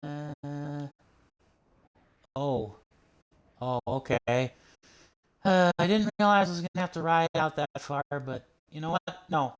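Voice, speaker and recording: A man's voice: a little high, slow pace, long pauses. A man streaming a western video game, chatting casually and thinking aloud while he plays. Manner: chatty, talks to himself while playing. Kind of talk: casual gameplay commentary.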